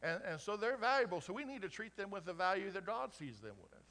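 Middle-aged male preacher, faint Oklahoma twang, bright tone, chatty sermon that builds to loud punchlines. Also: sits high, sing-song, quick pace. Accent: slight Oklahoma twang. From Colorado. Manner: conversational preaching with rising emphatic peaks. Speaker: pastor.

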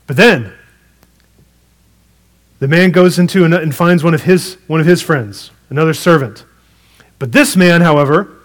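A man preaching a sermon, retelling a parable in a conversational, animated way with casual asides. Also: on the high side. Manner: storytelling, animated retelling with acted quotes.

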